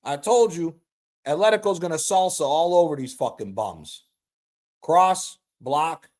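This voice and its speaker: A man streaming a live reaction to a football match, excitable and profane, trash-talking the players. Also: fairly high pitch, a little slow. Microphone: streaming mic.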